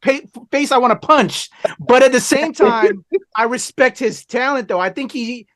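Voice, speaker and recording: A man hosting a casual podcast, with a voice that sits high. He talks in a laid-back, rambling way and keeps moving the conversation along. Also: normal speed, a bit bright. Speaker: podcast host. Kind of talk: casual chat.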